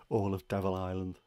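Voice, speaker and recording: Scouse man hosting a casual live chat, lowish voice, dry close sound, rambling with ums. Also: dark tone, no echo. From Liverpool, England. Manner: rambling, chatty, many fillers. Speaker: livestream host. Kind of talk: casual chat answering viewers.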